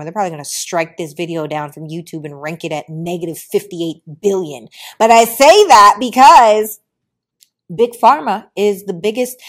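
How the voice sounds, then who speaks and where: A woman hosting a motivational podcast, preaching to her listeners with loud emphatic bursts and quiet low asides, calling them y'all. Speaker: podcast host. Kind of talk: motivational talk.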